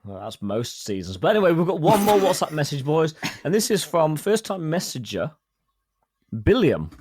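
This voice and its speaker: A man's voice: fairly high pitch, sing-song, moderate pace, a little mellow, husky. A man co-hosting a casual podcast, upbeat as he introduces listener messages. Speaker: podcast co-host.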